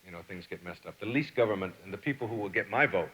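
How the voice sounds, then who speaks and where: A man's voice: lowish voice, fast, a bit bright. A man giving a motivational seminar talk, telling stories, acting out the people in them and reading a poem aloud. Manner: storytelling, acts out quotes and reads poetry aloud. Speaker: motivational speaker and author. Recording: echoey hall, dull lo-fi sound.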